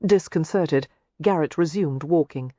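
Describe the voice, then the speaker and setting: A woman narrating a historical romance audiobook in a measured, expressive storytelling voice. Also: sits low, dry recording, highs cut off. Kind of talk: scripted narration.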